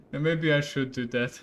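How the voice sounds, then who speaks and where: A man's voice: fairly high pitch, fairly even intonation, slow. Laughing Hungarian-accented young man streaming a game. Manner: laughs often, gets worked up and loud, restarts sentences. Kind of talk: gaming commentary.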